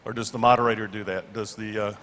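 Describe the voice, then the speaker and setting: A man's voice: on the low side, level tone, fast talker, fairly bright tone. A man moderating a conference panel, talking with many fillers and restarts. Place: large conference hall. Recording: echoey conference hall PA.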